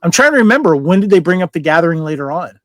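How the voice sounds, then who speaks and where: A man's voice: on the high side, very animated, rapid-fire, a bit bright, dry recording. A man co-hosting a casual fan podcast, rambling through trivia with many fillers and restarts. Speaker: podcast co-host.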